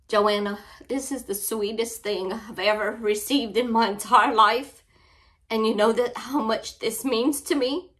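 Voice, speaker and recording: A woman's voice: fairly high pitch, slow pace, fairly bright tone. A middle-aged woman with a Cajun Louisiana accent, chatting casually in an unboxing vlog, tearful and heartfelt, often apologizing. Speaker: crafting channel vlogger.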